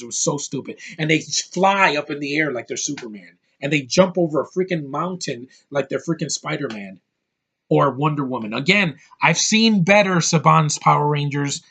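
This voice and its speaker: A man's voice: mid-range voice, a bit bright. A man in his thirties giving an angry, profane movie review rant, hammering his points with emphatic repetition. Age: 30s.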